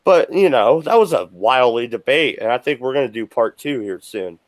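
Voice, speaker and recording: A buzzed man hosting a live stream from his desk at home, ranting angrily with lots of swearing, swinging between shouts and mutters. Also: mid-range voice, animated, moderate pace, no echo. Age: adult with children. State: a little buzzed. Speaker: livestream host. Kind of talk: profane live-stream rant.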